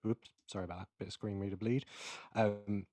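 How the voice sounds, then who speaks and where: A man giving a casual, explanatory keynote while demonstrating audio software, with many fillers. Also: fairly low pitch, fairly even intonation, brisk, dry recording. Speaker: keynote presenter. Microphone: close mic into recording software.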